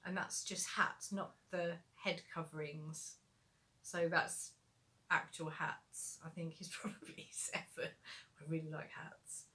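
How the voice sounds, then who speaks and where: A young woman with a fairly low yet bright, forward voice answers viewer questions in a relaxed live Q&A. She talks in a loose, chatty way, with frequent fillers. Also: takes it slowly. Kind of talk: casual livestream Q&A.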